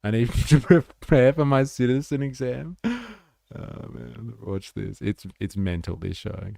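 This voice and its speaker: A man's voice: mid-range voice, slow, creaky, warm tone, a little hiss or hum. An Australian man hosting a livestream, chatting casually in slangy, rambling talk full of fillers. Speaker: livestream host. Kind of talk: casual reaction commentary.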